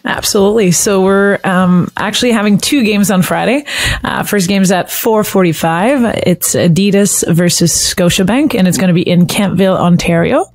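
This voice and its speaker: A woman co-hosting a sports podcast in casual chat, quick and teasing. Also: mid-range voice, a little mellow, dry recording, soft background music. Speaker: podcast co-host.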